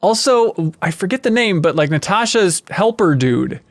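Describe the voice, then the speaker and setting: A man hosting a casual podcast chat, joking and chatty with quick asides. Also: sits high, very animated, no room sound, studio quality. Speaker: podcast host.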